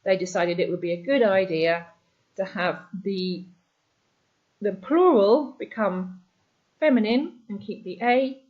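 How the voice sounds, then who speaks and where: A woman teaching an Italian lesson, patiently repeating words slowly to show the stress. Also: mid-range voice. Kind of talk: explaining a lesson. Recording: dull lo-fi sound.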